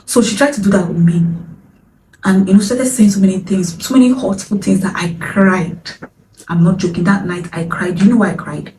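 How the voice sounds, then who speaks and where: A woman's voice: medium pitch, a little fast, mellow, a little hiss or hum. Nigerian woman telling a story, echoey room. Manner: candid, dramatic storytelling, drops to whispers. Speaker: vlogger. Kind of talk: storytime vlog. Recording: roomy echo, distant from mic, faint ambience.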